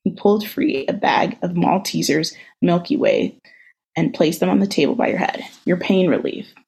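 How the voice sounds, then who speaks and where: A woman co-hosting a podcast over a video call, reading a fan story aloud in an even, unhurried way. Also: fairly low pitch, creaky, husky, low-quality recording. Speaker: podcast co-host.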